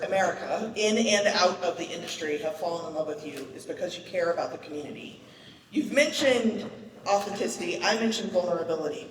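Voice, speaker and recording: A woman's voice: medium pitch, fairly bright tone, a little hiss or hum. A woman from northern California interviewing a guest on stage in an upbeat, playful way. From Humboldt, northern California. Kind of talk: onstage interview. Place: large conference hall. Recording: echoey hall, picked up from far off.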